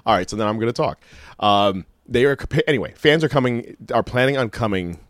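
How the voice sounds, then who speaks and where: A man's voice: mid-range voice, expressive, a little fast, dry recording, studio quality. A man co-hosting a podcast, rambling playfully and laughing often. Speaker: podcast co-host. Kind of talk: casual wrestling podcast chat.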